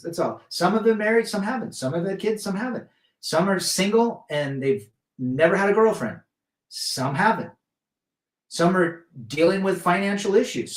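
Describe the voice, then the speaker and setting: A man's voice: fairly high pitch, echoey room. A man hosting a casual live stream, chatting loosely and reading viewer comments aloud, with frequent restarts. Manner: rambling, many restarts, reads chat aloud.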